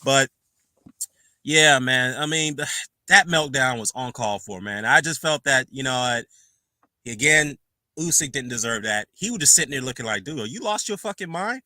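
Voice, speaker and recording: Blunt, sharp-voiced male boxing commentator. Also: medium pitch, normal speed, no echo. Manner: emphatic, blunt, swears freely, slangy. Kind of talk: casual opinion monologue.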